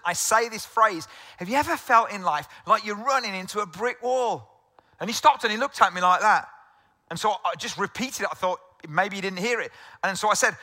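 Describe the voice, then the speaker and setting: English male pastor, middle-aged, conversational sermon; high bright voice, reverberant hall. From England. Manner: conversational storytelling preacher, with restarts and rhetorical questions.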